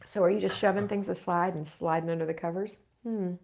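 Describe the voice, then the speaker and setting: A woman's voice: fairly low pitch, steady tone, a little fast, gravelly, darkish tone. A middle-aged woman hosting a live question-and-answer stream, reading viewer comments aloud and answering with chatty encouragement. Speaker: home organizing channel host.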